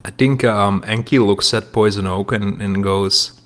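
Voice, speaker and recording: A man narrating in a tabletop game in a relaxed way, with many fillers. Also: on the low side, unhurried, few pauses. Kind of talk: tabletop role-play talk.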